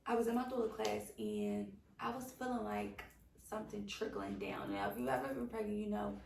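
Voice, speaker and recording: Chatty podcast co-host, gravelly voice, animated storyteller; echoey room, distant mic. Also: female voice, mid-range voice, moderate pace, a little hiss or hum. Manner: animated storytelling, acts out quotes. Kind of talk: casual chat, personal story.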